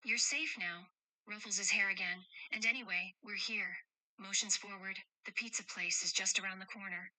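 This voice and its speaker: A woman voicing a caring adult who protects two children, speaking gently and teasingly and reading the stage directions aloud in a chat role-play. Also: medium pitch, steady tone, moderate pace, no echo, rough recording. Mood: tender, playful.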